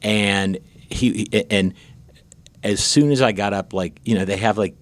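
A man's voice: lowish voice, steady tone, unhurried. A man hosting a podcast, telling stories in casual chat, with many restarts and repeated words. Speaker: podcast host.

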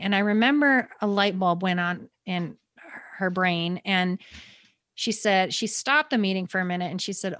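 A woman's voice: medium pitch, a bit bright, no room sound. A woman hosting a podcast, telling her family's story in earnest, at times near tears. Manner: earnest, quick, stumbling over words. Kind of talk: emotional personal storytelling.

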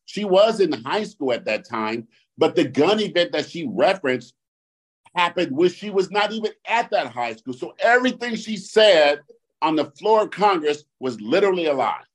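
A man co-hosting a casual podcast, telling animated, profane stories with sudden jumps in pitch. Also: moderate pace. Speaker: podcast co-host.

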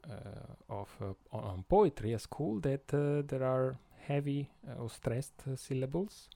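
A man with an Italian accent, Italian his first language, hosting an educational podcast at an unhurried, halting pace. His tone is mellow and dark, with a gravelly edge. The recording is dry and close. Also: medium pitch, no echo. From Italy. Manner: slow and hesitant, many fillers. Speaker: podcast host.

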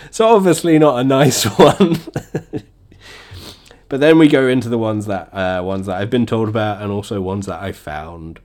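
A man's voice: lowish voice, measured pace, long pauses, darkish tone. A young man hosting a casual comedy video, laughing through his sentences and swearing freely. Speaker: video host.

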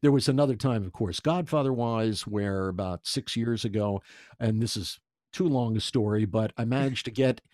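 Sixties man, interview guest, excitable storyteller with stammered repeats, dry close sound. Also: fairly low pitch, normal speed, no echo. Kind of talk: casual anecdote telling.

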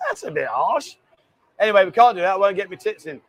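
High-voiced man, chatty host. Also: big pitch swings, fast. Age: 50s. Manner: banter, reading out viewer comments. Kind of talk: casual live-stream chat.

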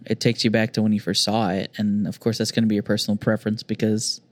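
A man's voice: lowish voice, level tone, fast talker, darkish tone, no room sound. Laid-back man talking in a dry room. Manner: laid-back, swears casually, joking. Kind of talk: casual chat.

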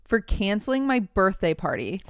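A young woman with a smooth, clear voice reads online posts aloud in a measured, wry tone, then chats about them casually. The sound is dry and close, with no room around her. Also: mid-range voice, big pitch swings, no room sound. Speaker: podcast host.

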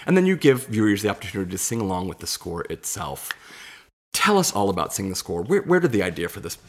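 Host: male, very low and husky, lively swooping delivery, complimentary. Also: quick pace. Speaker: podcast host, ensemble director. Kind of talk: interview questions.

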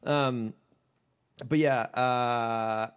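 A man's voice: mid-range voice, fairly even intonation, very slow, clean tone. Rambling male podcast host. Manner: rambling, thinks aloud with many restarts. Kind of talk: casual podcast chat.

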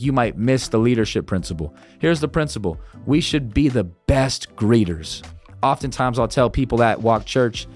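A man who is a senior pastor, preaching on leadership in an emphatic way and slowing right down to stress key phrases. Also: medium pitch.

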